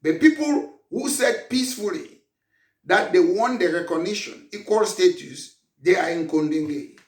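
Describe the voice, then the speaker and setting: A man from Anglophone Cameroon with a Cameroonian English accent, a political leader giving an impassioned, emphatic speech with bursts of shouting. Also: sits high, expressive, unhurried, echoey room.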